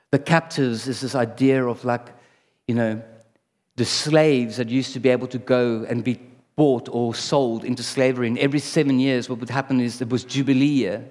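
A man's voice: mid-range voice, darkish tone. A man preaching a sermon in a conversational way, often asking the audience rhetorical questions. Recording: long reverb in a hall.

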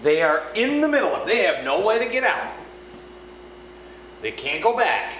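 A man preaching a conversational sermon, often checking in with his listeners. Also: on the high side. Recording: echoey room with background noise.

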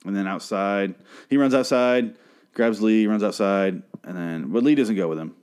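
A man recapping a TV episode in a casual monologue, rambling and profane, breaking off to act out the characters' lines in animated voices. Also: lowish voice, moderate pace, clear, resonant tone. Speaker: show recapper.

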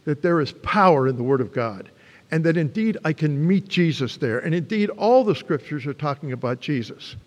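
An older man delivers a sermon with a slightly high, very lively voice that rises and falls as he tells the story. His words ring out with the long reverb of a church hall. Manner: animated storytelling, pitch swings for emphasis. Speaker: preacher.

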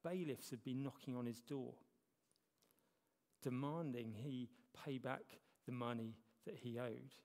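A man's voice: medium pitch, steady tone, unhurried, a little mellow. A man preaching a sermon as a church elder, talking conversationally with self-deprecating humor. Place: church hall. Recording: long reverb of a church hall.

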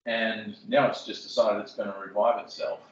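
A man's voice: lowish voice, flat delivery, moderate pace, roomy sound, muffled recording. A man co-hosting a podcast in casual, joking chat about editing the show. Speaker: podcast co-host and producer. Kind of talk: casual chat and outro read. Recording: outro read over clear guitar music.

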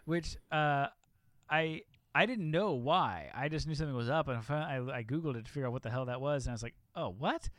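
A man's voice: on the high side, brisk, no echo, studio quality. A man co-hosting a podcast, chatting casually and rambling, swearing often as he retells things. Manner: profane, rambling, animated retelling. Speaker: podcast co-host. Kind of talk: casual chat.

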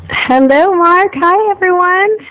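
A woman's voice: extremely high pitch, slow. Giggly woman psychic on a muffled line. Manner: giggly, relaxed, talkative. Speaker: radio host guest, psychic. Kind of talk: casual chat.

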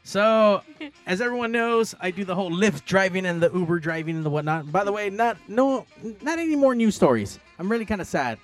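Male podcast host, a bit high-pitched, rambling crude storyteller, faint music underneath. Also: lively intonation, a little fast. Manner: rambling storyteller, heavy swearing. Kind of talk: crude casual chat.

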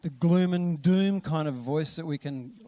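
A middle-aged preacher delivers his sermon with lively energy. His voice sits slightly high for a man, and he acts out voices, jumping into loud, calling cries before settling back to talk. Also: unhurried, slight background noise. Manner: animated, acts out voices with big loud calls. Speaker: pastor.

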